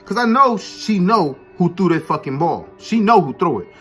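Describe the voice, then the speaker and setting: A man's voice: sits high, animated, moderate pace, fairly bright tone, soft background music. A man casually telling a story from his school days in a laid-back, profane way, full of street slang and "you know what I'm saying". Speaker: vlogger telling a personal story.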